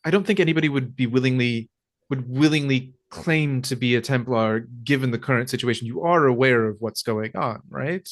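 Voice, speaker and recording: A man playing a tabletop game who speaks in halting, hesitant phrases. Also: mid-range voice. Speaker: player. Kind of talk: in-character tabletop play.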